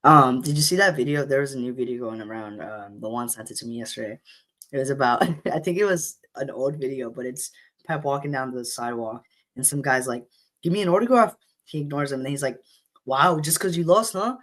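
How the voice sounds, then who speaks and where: A man co-hosting a podcast, chatting casually about football, easygoing and quick to agree. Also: mid-range voice, sharp tone. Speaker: podcast co-host.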